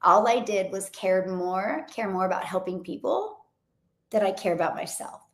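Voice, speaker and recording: An upbeat woman with a hoarse voice, chatting with viewers in a motivational coaching live stream from her home. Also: medium pitch, moderate pace, reverberant. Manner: energetic, motivational, chatty with frequent laughs. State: hoarse voice from a long event. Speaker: online business coach.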